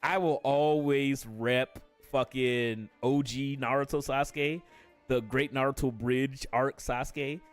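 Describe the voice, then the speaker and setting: A man's voice: medium pitch, fairly even intonation, slow pace, faint music behind. A man ranting casually on a live stream, swearing constantly, laughing often and jumping into quoted character voices.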